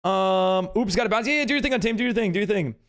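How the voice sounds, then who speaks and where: A man's voice: high voice, quick pace. A man chatting with his live-stream viewers while gaming, rambling with many fillers and restarts and greeting viewers upbeat. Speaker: livestreamer and server host.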